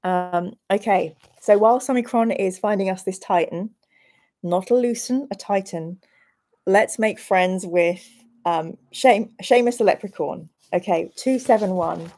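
A woman in her forties hosting a live-streamed gamebook play-through, chatty and animated as she switches between reading the room descriptions aloud and talking to her chat. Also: mid-range voice, measured pace. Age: 40s.

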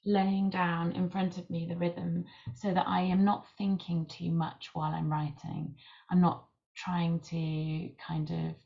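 A woman's voice: on the low side, level tone, measured pace, creaky, dark tone. A woman author explaining her writing process in a thoughtful, explanatory way. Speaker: author guest. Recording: muffled lo-fi recording.

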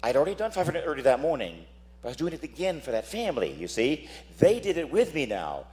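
A man's voice: on the high side, big pitch swings, quick pace, a little mellow. A man who is a priest, preaching a dramatic sermon, telling stories and acting out voices while asking "Amen?".

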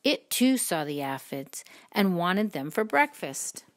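A woman reading a picture book aloud in a slow, expressive storytelling way. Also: lowish voice. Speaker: reader.

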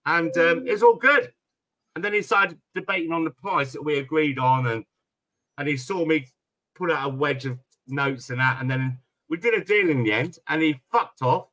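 A man's voice: fairly high pitch, normal speed, pushed and bright. A British man hosting a live stream chat, telling stories animatedly and swearing freely. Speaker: streamer host.

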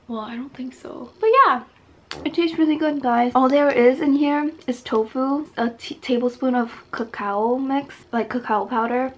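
A young woman in her twenties chatting casually as a vlogger, giggly, slipping Japanese words into her English. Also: a little high. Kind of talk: casual vlog chat.

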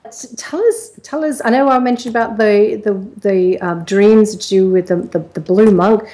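A woman's voice: medium pitch, normal speed, warm tone. A woman radio host running an interview, hesitant and full of "um" and "okay". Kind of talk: hosting an interview.

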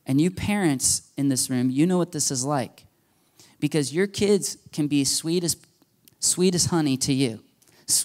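A male pastor preaching a sermon to his church, animated and jokey, often acting out quoted voices. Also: fairly high pitch. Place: church sanctuary.

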